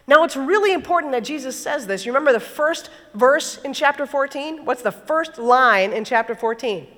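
Woman, sermon, animated storytelling, high bright voice, echoey hall. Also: moderate pace, hardly any pauses. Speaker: preacher.

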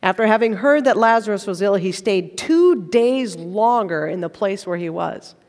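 In a church sanctuary, a woman preaches a sermon, praying and reading scripture while dropping in conversational, playful asides. Her mid-range voice is expressive and darkish, moving at a normal speed. The long reverb of a large church surrounds her.

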